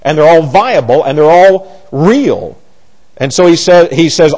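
A man preaching a sermon, animated and sarcastic, often restarting his sentences. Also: fairly high pitch, measured pace.

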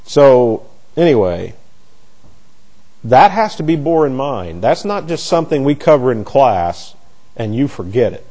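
A man's voice: mid-range voice, mellow, husky. A middle-aged man teaching a Bible class, often stumbling and repeating words as he works out his phrasing. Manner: halting, repeats words while searching for phrasing.

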